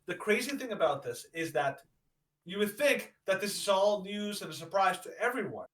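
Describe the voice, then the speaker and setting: A man's voice: high voice, expressive, moderate pace, fairly bright tone, poor audio. Indignant man ranting on a podcast. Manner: emphatic, indignant, many fillers. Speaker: podcast co-host. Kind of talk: opinionated podcast rant.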